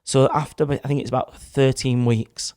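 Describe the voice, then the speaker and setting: A man's voice: medium pitch, fairly even intonation, moderate pace, a little mellow, no room sound, studio quality. A young man, casually telling a rambling story in a podcast chat, with some swearing. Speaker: podcast guest. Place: studio. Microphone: studio microphone.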